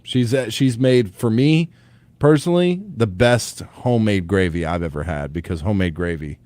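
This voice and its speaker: A man co-hosting a morning radio show, animated and joking, often laughing. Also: fairly low pitch, no echo. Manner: animated, quick to laugh, jokey. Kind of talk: casual morning radio banter. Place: radio studio.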